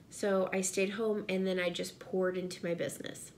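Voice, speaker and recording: A woman's voice: medium pitch, flat delivery, a little fast, few pauses, slight background noise. A pregnant woman, talking earnestly and directly to viewers in a casual vlog from her home office. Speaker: vlogger and direct sales seller.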